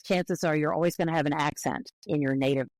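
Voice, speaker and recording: An American woman linguist, a podcast guest, explaining patiently and carefully with clear qualifications. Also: low-pitched, fairly even intonation, fast talker, a little mellow, no room sound, poor audio. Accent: American English.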